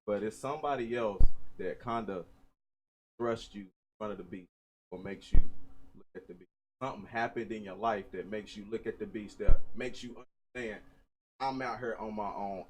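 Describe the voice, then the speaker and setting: A man shares his thoughts in a casual podcast discussion, earnest and reflective. His pitch sits in the middle range, and his phrases come around again for emphasis. A faint hiss of noise lies under the recording. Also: rough recording. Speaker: podcast host.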